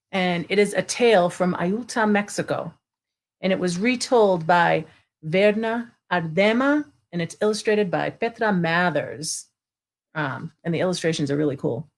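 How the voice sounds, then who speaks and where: Woman host, slightly low-pitched, chatty live read-aloud storyteller, greets viewers and reads expressively. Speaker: storyteller hosting a live reading. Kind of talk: casual live-stream chat and read-aloud.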